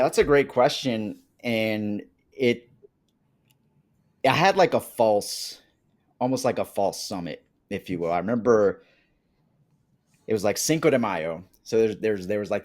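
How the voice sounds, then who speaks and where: A man from Colombia with a fairly low voice talks through his past as a podcast guest. He is animated and slips into the voices of people he quotes. The tone is casual and conversational. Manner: animated, acts out quoted dialogue. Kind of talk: casual interview storytelling.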